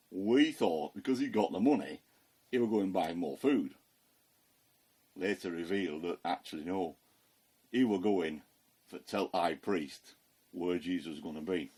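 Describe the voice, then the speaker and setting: A man's voice: deep voice, husky, heavily acted. A man playing homely Peter. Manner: chatty, folksy, fillers and chuckles. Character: the apostle Peter, plain-spoken working fisherman. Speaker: Christian ministry performer. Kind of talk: first-person storytelling monologue.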